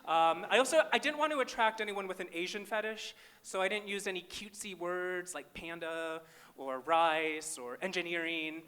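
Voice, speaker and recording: A stand-up comedian from small-town Minnesota, a man whose voice sits high and rings bright and sharp. He lands his jokes with wry, self-deprecating timing, performing live on a festival stage into a handheld mic. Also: normal speed.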